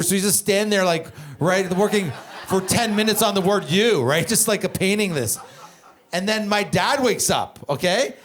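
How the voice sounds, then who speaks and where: A man in his twenties from Canada doing stand-up, telling family stories in a profane, animated, rambling way. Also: sits high. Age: 20s. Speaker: stand-up comedian. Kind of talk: stand-up comedy storytelling.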